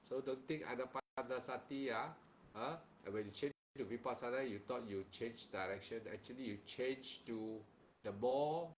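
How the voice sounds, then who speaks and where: A man's voice: mid-range voice, normal speed, a little hiss or hum, poor audio. A man teaching meditation and giving a dharma talk. He is stern and admonishing, repeats himself, and keeps asking "huh?" as a tag question. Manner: repeats phrases and restarts sentences in plain, simple wording.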